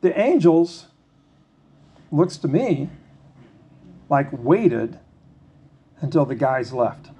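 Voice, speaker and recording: A man with a fairly high voice preaching a sermon. He reads scripture slowly with pauses, then talks it through plainly and conversationally, asking the listeners questions. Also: sing-song, dark tone, breathy edge. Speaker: pastor.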